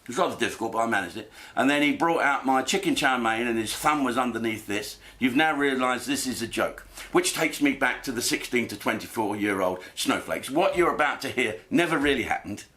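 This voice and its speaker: A man doing a crude, swearing comedy monologue, telling stories with lively delivery. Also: medium pitch, a little fast, few pauses.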